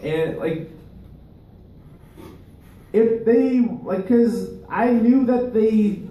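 A male stand-up comedian performing a live set, rambling and halting, with many restarts. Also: sits high, mellow. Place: live comedy venue with audience. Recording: echoey room, voice far from mic.

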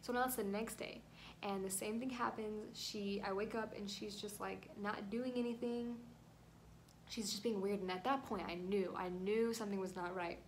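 A woman's voice: medium pitch, fairly even intonation, normal speed, slight background noise. A young woman telling a rambling, emotional storytime vlog at home, at times close to tears. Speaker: vlogger.

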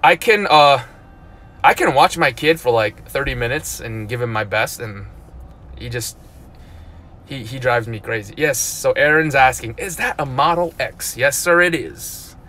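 A man in his thirties talking casually on a live stream, animated and full of "dude" and "like", with loud outbursts and mumbled asides. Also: medium pitch, a little slow. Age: 30s. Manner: lots of "like" and "dude", repeats himself. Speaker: vlogger.

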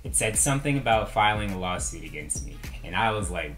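A man's voice: on the low side, expressive, brisk, a bit bright, soft background music. A young man co-hosting a casual storytime chat, with dry, wry asides. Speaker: co-host.

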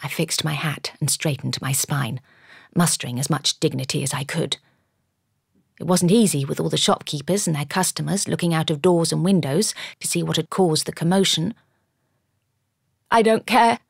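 Low, gravelly woman narrating an audiobook. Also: steady tone, normal speed, no room sound, clean studio sound. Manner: dramatic first-person storytelling.

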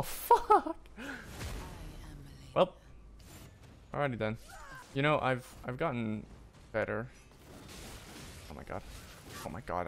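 Man, game streamer, lively swinging voice, curses and yelps, faint background noise. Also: mid-range voice, vocal fry. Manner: swears a lot, frustrated outbursts and self-mockery; mutters to himself between loud yelps. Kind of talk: live gameplay commentary.

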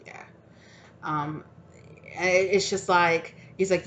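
A woman's voice: fairly low pitch, fairly even intonation, takes it slowly, pauses often, a bit bright, a little hiss or hum. A woman giving a casual tarot card reading at home, talking frankly and often laughing as she goes. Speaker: tarot reader.

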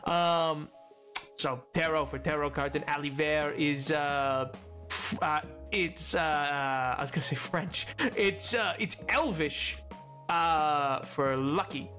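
Young man, high voice, casual livestream chatter, rambling, playful, faint music behind. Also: slow, bright, forceful tone. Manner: rambling and chatty, answers chat questions aloud; playful, with many fillers and self-corrections. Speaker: streamer. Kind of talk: casual livestream chat while gaming.

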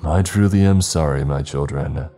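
A man's voice: a bass voice, normal speed, mellow, soft background music. A man voicing a grave, regretful male priest who speaks solemnly and apologetically in a horror story. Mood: sorrowful.

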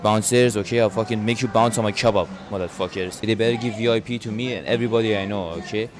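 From a moving car, a man with a low-sided voice runs through a crude, profane comic tour of his city at a quick pace with fairly even intonation. He's brash and caps almost every line with a quizzical "okay?", while car, road, traffic and street noise surround him.

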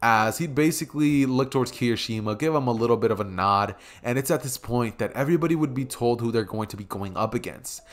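A man's voice: mid-range voice, fast, few pauses. A young man casually improvising a fan story, rambling with many fillers and chuckling asides, at a desk mic by a keyboard.

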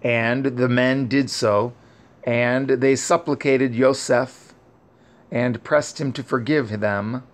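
A man reading an ancient scripture narrative aloud in a solemn, measured way. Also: mid-range voice, steady tone. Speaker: reader.

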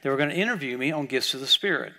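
A man preaching a sermon at a church service, telling stories and swinging between quiet asides and loud, emphatic bursts. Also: medium pitch, lively intonation, rapid-fire.

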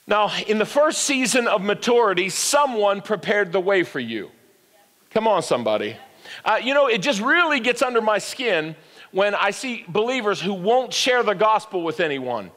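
A man's voice: high-pitched, sing-song, moderate pace, fairly bright tone, long reverb tail. An older man preaching a sermon as pastor, with call-and-response that climbs to emphatic peaks. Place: church sanctuary.

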